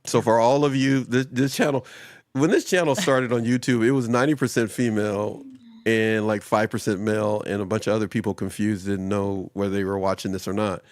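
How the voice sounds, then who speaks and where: A man's voice: on the low side, fairly even intonation, brisk, dry recording. A man hosting a casual panel chat on a live stream, teasing his guests and laughing often. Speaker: host. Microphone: video call.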